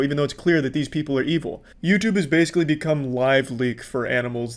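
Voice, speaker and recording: A man giving casual online commentary in a deadpan, flat way, blunt and crude. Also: a little high. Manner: deadpan, flat-affect delivery.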